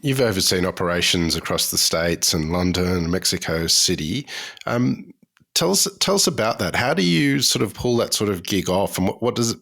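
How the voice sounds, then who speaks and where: A man's voice: sits low, creaky, a bit bright. A male podcast host asking a guest a question, restarting his phrasing as he goes. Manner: asks questions with repeated restarts. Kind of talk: interview questions.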